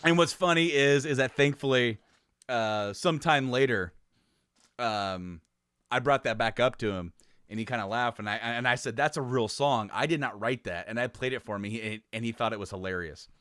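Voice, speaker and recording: A man's voice: medium pitch, moderate pace, a bit bright, smooth, no room sound. A man co-hosting a podcast, telling a story in casual chat, laughing as he goes and restarting his sentences. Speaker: podcast co-host.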